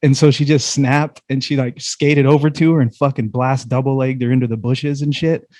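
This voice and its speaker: A man's voice: mid-range voice, fairly even intonation, normal speed, a little mellow, no echo. A man co-hosting a podcast, chatting in a laid-back way, agreeing readily and telling stories with casual swearing. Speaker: podcast co-host. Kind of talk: casual chat.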